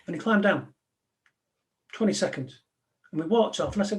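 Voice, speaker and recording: A man's voice: a little high, normal speed, pauses often. A man, a former police negotiator, giving a live talk to an audience in a direct, conversational way, full of anecdotes.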